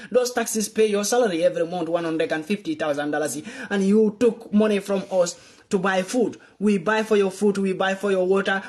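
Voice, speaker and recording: High-voiced angry man. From Gambia. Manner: angry, accusing, repeatedly addressing the president. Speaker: political commentator. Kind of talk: impassioned political rant.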